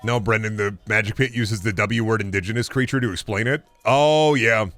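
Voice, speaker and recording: A young man with a lowish voice chats briskly while gaming, soft music playing in the background. He streams casually but breaks into animated, profanity-heavy rants.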